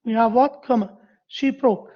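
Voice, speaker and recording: A university lecturer, male, with an extremely high pitch and fairly even intonation, teaches grammar to a class. He halts and repeats himself while testing his students, and the audio is dull.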